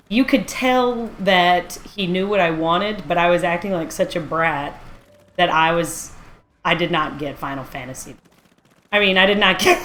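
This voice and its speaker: A woman's voice: lowish voice, a bit bright, roomy sound, a little hiss or hum. Laughing, self-mocking woman streamer. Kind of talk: casual storytelling on a live stream.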